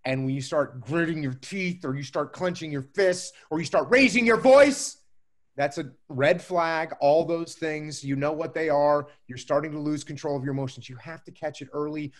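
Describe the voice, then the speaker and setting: A man answering interview questions about leadership in a measured, emphatic way, often repeating key phrases. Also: on the high side. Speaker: guest speaker on leadership.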